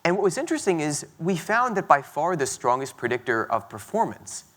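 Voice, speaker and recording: A man giving a conference talk, explaining his research in a quick, animated way with fillers and restarts. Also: on the high side. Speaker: conference speaker. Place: conference stage.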